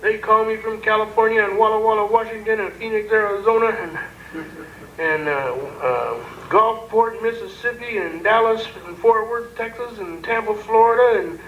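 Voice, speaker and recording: A man's voice: high voice, moderate pace, lo-fi sound, voice pushed up, natural voice. A man voicing an irate small-town sheriff who rants about phone calls, in a raised, exasperated, complaining tone. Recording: echoey noisy room recording.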